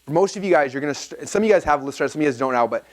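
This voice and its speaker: A man presenting a seminar to a live audience, telling a story in an energetic, casual way with lots of "like" fillers. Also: a little high, racing.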